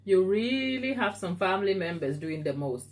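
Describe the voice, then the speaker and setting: Hosting a live baking stream from her home kitchen, a woman from Africa chats casually and reads viewer comments, teasing them by name in a playful way. Her mid-range voice has lively intonation at a normal speed.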